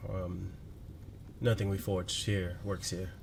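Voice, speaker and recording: A man's voice: low voice, flat delivery, slow, vocal fry, background noise, full character voice. Kane, a man doing a dry old forge-master. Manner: dry, chuckling understatement.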